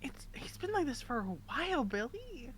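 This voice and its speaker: A woman's voice: high-pitched, very animated, normal speed. A woman voicing a matter-of-fact friend in a tabletop game, speaking offhandedly. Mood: offhand.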